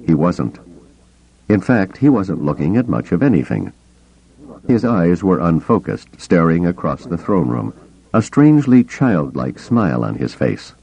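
A man narrating an action-filled audiobook in a dramatic, expressive reading. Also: low-pitched, measured pace, gravelly, breathy edge, no room sound, rough recording.

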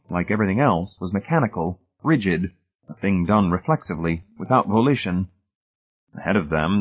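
A man reading an audiobook in a steady, measured narration, recorded with a tinny phone-like sound. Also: low-pitched, slightly rough.

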